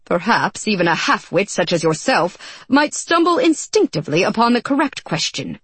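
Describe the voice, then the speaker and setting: A man's voice: sits high, very animated, normal speed, fairly bright tone, slightly rough, no room sound, exaggerated voice. Woman doing a storybook astronomer, gloomy, exasperated, scornful man, dry sound. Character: gloomy, despairing male court astronomer, scornful of his servant.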